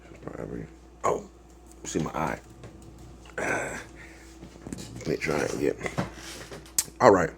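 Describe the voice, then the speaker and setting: A man's voice: rumbling low, animated, slow, vocal fry, pauses often, noisy background. A man hosting a reaction video, talking in a rambling, casual way with lots of fillers and restarts and laughing at his own jokes.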